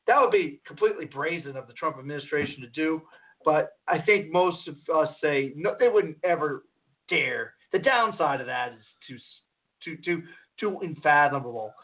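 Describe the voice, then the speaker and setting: A man's voice: on the high side, lively intonation, normal speed. A man co-hosting a casual political talk radio show, rambling and searching for words as he poses rhetorical questions. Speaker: radio co-host. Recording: tinny phone-like line.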